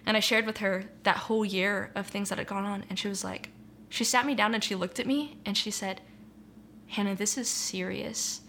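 A woman's voice: mid-range voice, fairly even intonation, normal speed, fairly bright tone, slight background noise. A young woman telling her personal faith testimony in an earnest, reflective, conversational way, with frequent "like" and "you know". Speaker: interviewee sharing testimony.

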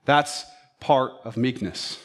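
A man preaching a sermon as a pastor, telling stories and acting out his pets' thoughts in an animated way. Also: medium pitch, slow, soft background music.

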